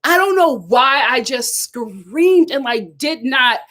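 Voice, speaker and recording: Young woman host, high voice, swoops all over, dramatic storyteller, laughs a lot. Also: slow pace. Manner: animated, dramatic storyteller who laughs often. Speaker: host of a live reality-show review channel. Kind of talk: casual storytelling to a live chat.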